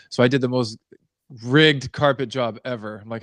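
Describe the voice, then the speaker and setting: A man's voice: mid-range voice, brisk, a bit bright, smooth, dry recording. Man co-host, chatty and laughing, close dry sound. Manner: laughs often, rambling and venting. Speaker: podcast co-host. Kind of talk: casual chat.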